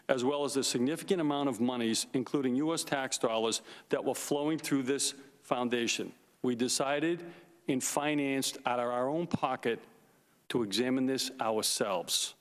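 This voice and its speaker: Emphatic man testifying in an echoing hearing room. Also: mid-range voice. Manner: emphatic, deliberate, repeats key points. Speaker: forensic investigator testifying. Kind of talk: formal opening statement. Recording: long reverb of a hearing room.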